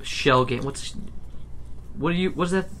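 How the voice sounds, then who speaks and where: A man narrating a tabletop game as game master, lively and laughing often as he voices the characters. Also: a little high, moderate pace. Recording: faint background noise.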